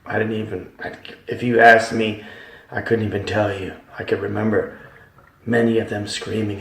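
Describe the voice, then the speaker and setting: A man's voice: on the low side, flat delivery, normal speed, gravelly, a bit bright. A man giving a religious testimony, telling his story in an emphatic, repetitive, dramatic way. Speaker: testimony speaker. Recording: echoey room, voice from far off.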